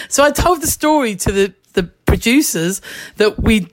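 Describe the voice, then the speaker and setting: A middle-aged woman chats as a guest, telling a story with animated quoted voices and frequent laughter. Her voice sits a little on the high side. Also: moderate pace. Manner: lively, laughing often, acting out quoted voices. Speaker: actress, guest. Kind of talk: anecdotal chat, storytelling.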